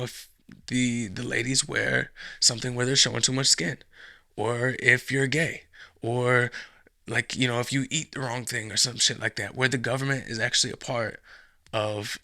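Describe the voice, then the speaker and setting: A man's voice: medium pitch, level tone, moderate pace, creaky, bright, forceful tone, no echo, studio quality. A man hosting a casual podcast, rambling and swearing, with lots of fillers and restarts. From United States. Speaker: podcast host.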